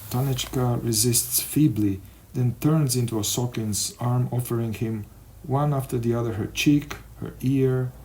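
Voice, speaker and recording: A man's voice: mid-range voice, measured pace, warm tone, a little hiss or hum. Man reading an audiobook aloud. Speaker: audiobook narrator. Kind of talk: scripted narration.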